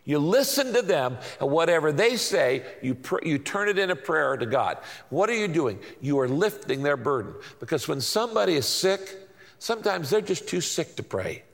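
A man's voice: fairly high pitch, very animated, normal speed, creaky. A male pastor giving a sermon. He uses an emphatic, repetitive teaching rhythm and keeps asking rhetorical questions. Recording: long hall reverb.

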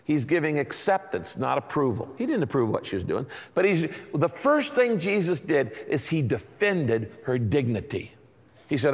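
Animated pastor in a reverberant hall. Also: male voice, a little high, moderate pace. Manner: animated storytelling with acted-out quotes. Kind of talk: sermon.

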